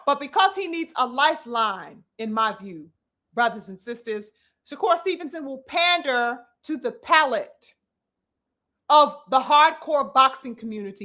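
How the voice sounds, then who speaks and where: A woman's voice: a little high, a bit bright. A woman giving emphatic, profane boxing commentary, addressing her audience like a preacher. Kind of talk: opinionated commentary vlog.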